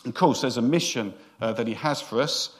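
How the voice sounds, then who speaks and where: A man's voice: medium pitch, brisk. A middle-aged man, a senior minister giving a sermon in a chatty, joking storytelling way.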